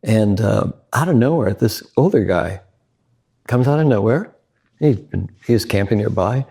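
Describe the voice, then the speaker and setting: Gravelly-voiced man telling trail stories. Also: on the low side, unhurried. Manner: animated, laughing, candid storyteller. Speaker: guest. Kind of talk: casual interview storytelling.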